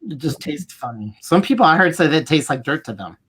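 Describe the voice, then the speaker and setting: A man's voice: a little high, expressive, quick pace, a bit bright, breathy edge. A man co-hosting a casual livestream chat, emphatic and dramatic about foods he dislikes. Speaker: co-host.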